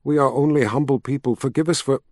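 A man's voice: medium pitch, fairly even intonation, no room sound, studio quality, natural voice. A man reading aloud and voicing a frightened, humble peasant woman who pleads and apologizes in a rush. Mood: frightened pleading. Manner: rushed, pleading, hurried apologies.

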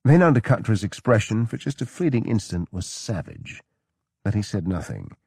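A man narrating a novel in a measured, steady manner. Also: lowish voice, creaky, slightly rough, no echo, studio quality. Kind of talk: audiobook narration.

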